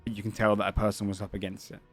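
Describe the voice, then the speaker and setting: A man's voice: lowish voice, little pitch movement, quick pace, breathy edge, faint music behind. A man running a tabletop game as game master, describing scenes at length with frequent fillers and self-corrections.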